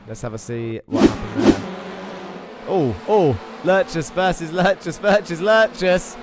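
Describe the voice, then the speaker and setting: A man commentating an online sim race, excitable and chatty, reading out viewer messages between the action. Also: medium pitch, a little slow, noisy background. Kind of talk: live esports race commentary.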